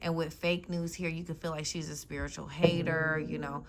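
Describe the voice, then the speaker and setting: A woman's voice: sits low, little pitch movement, moderate pace, noisy background. Blunt, slangy woman tarot reader. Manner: blunt, slangy and profane, with frequent "you know what I'm saying". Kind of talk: casual tarot reading monologue.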